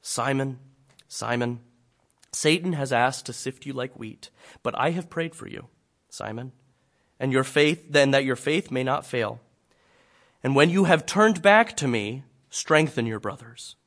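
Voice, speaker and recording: A man preaching a sermon voices Jesus as a calm, tender teacher, speaking softly and slowly. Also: mid-range voice. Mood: gentle. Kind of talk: dramatic scripture reading in a sermon.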